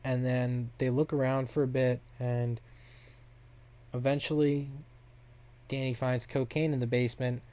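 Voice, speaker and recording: A man's voice: mid-range voice, flat delivery, measured pace, long pauses, dark tone. A young man casually recapping a story plot, rambling with lots of fillers.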